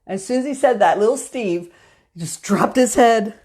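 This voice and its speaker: A woman's voice: fairly high pitch, normal speed, darkish tone. A woman hosting a motivational live stream, telling a story in a chatty way with filler words. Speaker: host.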